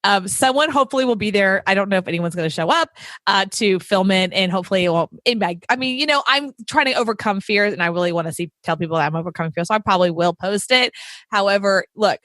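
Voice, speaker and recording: A woman from the American South hosting an interview, excitable and self-deprecating, often repeating her phrases. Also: mid-range voice, fast, no room sound. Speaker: host, radio show host. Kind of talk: casual interview conversation.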